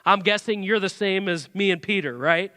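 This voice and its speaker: Male pastor, sermon, rhetorical questions, bright, smooth tone. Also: sits high, moderate pace, no room sound, studio quality, big-room sound. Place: church sanctuary.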